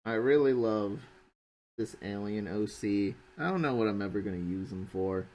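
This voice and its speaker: A man's voice: lowish voice, moderate pace, darkish tone, poor audio. Young man chatting casually on stream. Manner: teasing, joking. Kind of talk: casual chat while drawing on stream.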